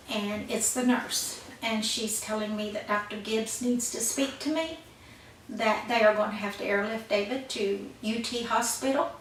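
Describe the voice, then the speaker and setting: Older woman, personal life story, heartfelt, slightly high voice, booming room echo. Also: a bit bright. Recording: echoey room, voice from far off, faint noise.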